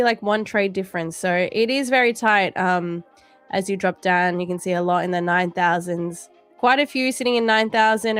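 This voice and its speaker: A woman's voice: a little high, fairly bright tone. A woman hosting a live trading stream, talking casually and thinking aloud with frequent ums while reading viewers' comments.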